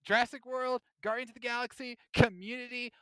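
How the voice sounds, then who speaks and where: A high, lively man's voice, bright and crisp, sounding off on a podcast. He talks in an emphatic, animated way, stacking up his points. The sound is dry and close. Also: a little fast, no echo. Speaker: podcast co-host. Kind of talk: casual chat.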